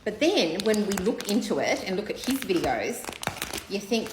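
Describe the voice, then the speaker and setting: A woman's voice: mid-range voice, very animated, moderate pace. A woman gossiping casually while she assembles a seafood platter in her home kitchen, with children bathing somewhere in the house. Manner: chatty, gossipy, candid, occasional swearing. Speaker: vlogger. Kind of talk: casual chat while cooking. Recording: echoey room, faint background noise. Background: children splashing in a bath.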